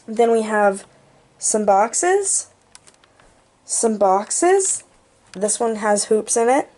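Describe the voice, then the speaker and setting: A young woman with a fairly high voice hosts a casual bedroom tour for her channel. She talks in a goofy, playful way and tosses in jokey asides. A faint hiss of background noise sits under the recording. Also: very animated, extremely slow, a little mellow. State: out of breath. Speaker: vlogger.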